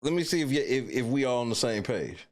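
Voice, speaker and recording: A man hosting a live stream, reacting to news clips with loud, mocking, profanity-heavy commentary full of slang. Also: medium pitch, big pitch swings, quick pace.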